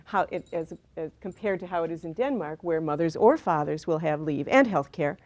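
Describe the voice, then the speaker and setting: Matter-of-fact woman with a lowish voice. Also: lively intonation, a little fast, darkish tone. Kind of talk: panel discussion.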